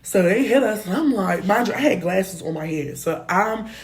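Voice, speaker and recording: A young woman spinning a casual storytime in a mid-pitched voice. She talks in animated, slangy bursts and swears freely. Loud outbursts alternate with low, muttered asides. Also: normal speed. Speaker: storytime vlogger.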